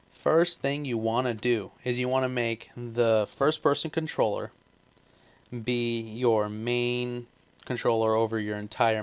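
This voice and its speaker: A man's voice: mid-range voice, smooth. A man giving a casual, rambling coding tutorial with lots of offhand asides and self-corrections, while he has the hiccups. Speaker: tutorial maker.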